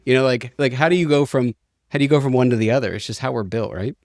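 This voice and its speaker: A man co-hosting a casual Bible discussion, animated and acting out everyday complaints. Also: mid-range voice, fast, dry recording, studio quality. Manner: animated, acts out quoted complaints. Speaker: podcast co-host.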